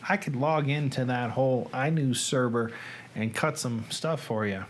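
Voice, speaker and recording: A man's voice: mid-range voice, moderate pace, a little hiss or hum. A man hosting a casual livestream from his home editing room, chatting and greeting viewers by name. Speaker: host.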